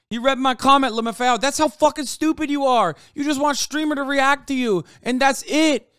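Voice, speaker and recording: A man's voice: very high-pitched, moderate pace, hardly any pauses, sharp tone, dry recording, clean studio sound. A man streaming live, reacting to news clips with heated, profane rants.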